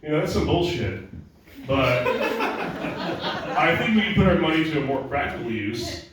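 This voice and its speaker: A male stand-up comedian ranting in a profane, deadpan way at a live show, sometimes mocking other people's voices. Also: a little high, a little slow, far from the mic, a crowd in the background. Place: small club with audience laughter. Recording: very echoey room, voice off-mic.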